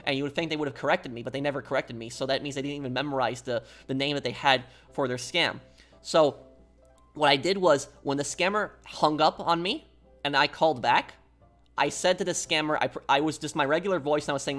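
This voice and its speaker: A man's voice: on the high side, fairly quick, fairly bright tone, soft background music. Rambling male streamer chatting casually. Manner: rambling, repeats himself, chatty. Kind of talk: casual live-stream chat while gaming.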